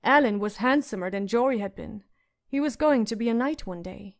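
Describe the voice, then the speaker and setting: A woman narrating a fantasy audiobook in a measured storytelling manner. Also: fairly high pitch.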